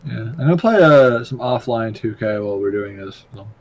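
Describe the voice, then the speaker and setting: A man's voice: on the low side, a little mellow. A young man co-hosting a casual podcast chat, laid-back, laughing often and swearing casually. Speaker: podcast co-host.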